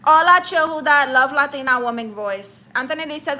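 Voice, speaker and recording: A woman's voice: high-pitched, a little fast, pushed and bright. A woman live streaming comedy who rants and roasts her viewers in a brash, sassy, mock-insulting way, with Spanish exclamations thrown in.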